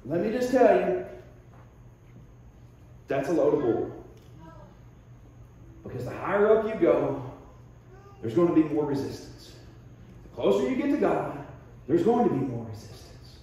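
A man's voice: a little high, sing-song, mellow, distant mic. Folksy preacher man in an echoey church. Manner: folksy storytelling preacher, drawn-out emphatic points. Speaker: pastor. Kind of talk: sermon. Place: church sanctuary.

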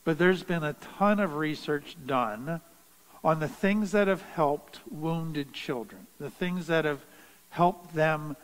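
A man with a fairly high voice teaches at an unhurried pace, earnest and deliberate, leaning on key phrases. His words ring out with a long reverb around him. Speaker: trauma educator. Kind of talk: teaching talk.

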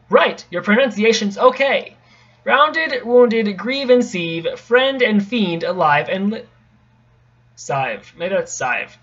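A young man reading a tricky poem aloud in a casual, halting way, often stopping to correct himself and mutter asides. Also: sits high, fairly bright tone. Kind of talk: casual stumbling read-aloud. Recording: dull lo-fi home recording.

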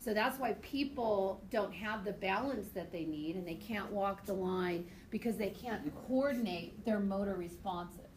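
A woman teaching a high school biology class, chatty and goofy, telling stories between points. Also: a little slow, hardly any pauses, a little mellow, reverberant, a little hiss or hum, low-quality recording. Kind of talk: classroom lecture with anecdotes.

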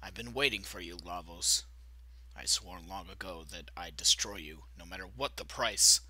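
A man voicing a brooding, vengeful male sorcerer for a video game playthrough, dropping into a low, slow, solemn delivery. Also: bright, forceful tone. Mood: grim, vengeful.

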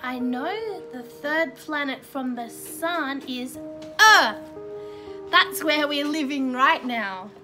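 A woman teaching a recorded class for young children, encouraging and asking them lots of questions, over background music. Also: high-pitched. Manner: slow, encouraging, asks children many questions. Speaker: kindergarten teacher.

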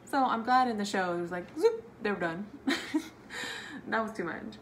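A woman's voice: mid-range voice, moderate pace, a little hiss or hum. Gushing tipsy young woman reviewing a book. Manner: gushing and excitable, with filler "like". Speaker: book vlogger.

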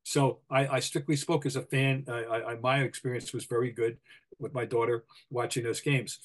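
An older man with a Boston accent, co-hosting a sports podcast, opinionated and full of halting restarts. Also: medium pitch, little pitch movement. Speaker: podcast co-host, basketball writer. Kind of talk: casual sports talk.

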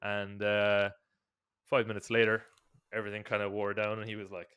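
A man talks through a story on a podcast, stopping and restarting often. His voice is bright and crisp, recorded dry and close. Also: on the low side, monotone, moderate pace, no echo. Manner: hesitant, many ums and restarts, laughs while telling. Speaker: podcast co-host, strength coach. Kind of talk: casual podcast chat.

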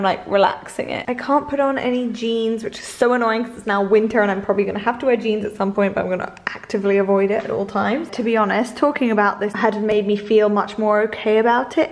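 Young female vlogger, mid-pitch, casual and open, home camera audio. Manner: open, confiding, chatty with many "like" fillers. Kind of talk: candid casual vlog talk to camera. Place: at home in her flat.

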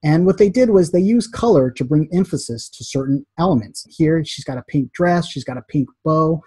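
Chatty design teacher, male, slightly high voice with a husky edge. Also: moderate pace, no echo. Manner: chatty and animated, acts out quotes. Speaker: graphic design instructor. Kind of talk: casual recorded lesson.

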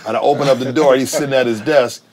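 A middle-aged man, a TV writer and producer, telling backstage stories in a relaxed, animated way, laughing as he goes and acting out the people he quotes. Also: mid-range voice, very fast, crowd noise, low-quality recording. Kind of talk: casual anecdotal storytelling.

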